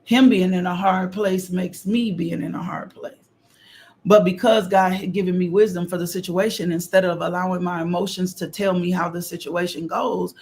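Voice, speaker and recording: A middle-aged woman preaching a fervent morning devotional on a livestream, repeating phrases and breaking into loud exclamations. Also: on the low side. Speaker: host of a morning devotional stream. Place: home livestream.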